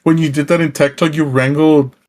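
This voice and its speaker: A woman's voice: low voice, steady tone, a little fast, darkish tone. A woman co-hosting a podcast, in casual chat with teasing, wry banter. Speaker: podcast co-host.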